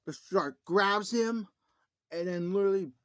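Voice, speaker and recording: A man casually recapping a movie for his review show, rambling with constant "like, um" fillers and frequent throat clearing. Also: high-pitched, normal speed, dry recording, clean studio sound.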